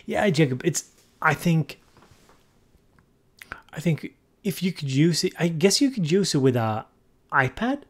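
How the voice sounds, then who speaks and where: A man hosting a relaxed livestream and chatting with viewers. He thinks aloud and sometimes searches for the right English word. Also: a little high, a little slow, long pauses. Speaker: livestream host. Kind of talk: casual livestream chat, answering viewer comments.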